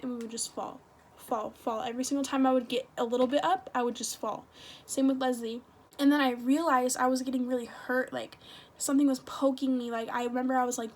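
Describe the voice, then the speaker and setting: Teenage woman, high voice, rambling casual storytelling, frequent fillers, slight background noise. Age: teens. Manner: rambling, filler-heavy, swears a lot. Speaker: vlogger.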